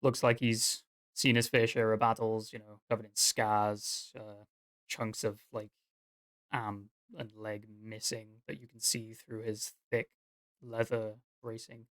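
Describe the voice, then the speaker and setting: A man running a tabletop game as game master, narrating in a relaxed, rambling way with fillers. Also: fairly low pitch, unhurried, dry recording, studio quality.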